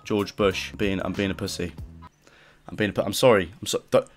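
A young man giving excited live commentary over his gameplay, exclaiming and joking in slang. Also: sits low, brisk, soft background music. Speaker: gaming YouTuber.

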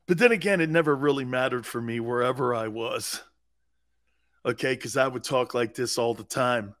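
A man's voice: medium pitch, moderate pace, long pauses. A man hosting a sports talk show, ranting in a mocking, incredulous way. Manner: mocking and incredulous, breaking into laughter and shouted outbursts.

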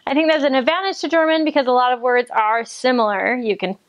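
A young American woman who has returned from her mission chats casually about it in a high, quick voice. She's talkative and giggly, with lots of filler words.

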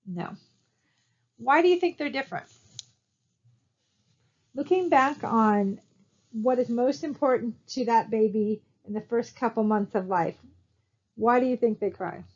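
A woman's voice: a little high, measured pace, long pauses, highs cut off. A woman instructor giving a recorded slide lecture, talking conversationally and posing rhetorical questions to her students. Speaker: college instructor.

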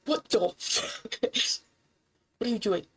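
A woman giving casual gameplay commentary, excitable and incredulous, swearing often and jumping up in pitch when surprised. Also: takes it slowly, breathy edge, rough recording.

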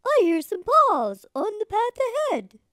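A woman voicing a big, hungry, gullible male monster in a storybook reading, booming slowly and greedily. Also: huge pitch swings, fairly bright tone, no echo, clean studio sound, full character voice. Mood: awed. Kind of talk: storybook character voice.

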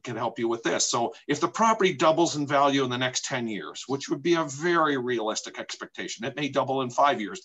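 A middle-aged man from Canada speaks as a real estate agent in a webinar. His voice sits at an ordinary middle pitch. He talks in an opinionated, emphatic way, asking himself rhetorical questions and repeating his key points. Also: fairly bright tone, poor audio. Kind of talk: presentation talk.

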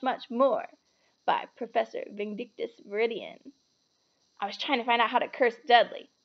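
A woman reading a novel aloud with expressive storytelling. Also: a little high, vocal fry, muffled recording. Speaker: reader.

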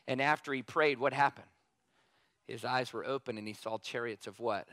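A man's voice: medium pitch, fairly quick, fairly bright tone, no room sound, clean studio sound. A man in his thirties preaching a sermon, telling personal stories in a conversational way and often putting questions to the congregation.

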